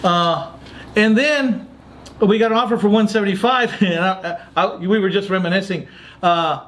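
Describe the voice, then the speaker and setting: High-voiced man telling a story. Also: moderate pace. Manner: animated storyteller, quotes others' dialogue. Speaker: podcast host. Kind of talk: casual storytelling chat.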